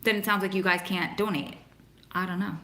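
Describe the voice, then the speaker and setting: A woman's voice: medium pitch, steady tone, brisk, sharp tone. A young woman hosting a casual livestream, chatting with viewers by name and reading aloud to them. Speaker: host of a livestream for prison families. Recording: echoey room.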